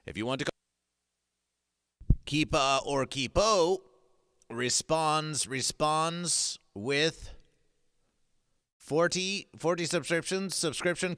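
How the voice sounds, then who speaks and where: A man's voice: a little high, animated, slow pace, long pauses, bright, forceful tone, no room sound, clean studio sound. A man hosting an absurdist comedy stream, talking in a theatrical, repetitive, chanting way. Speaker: host.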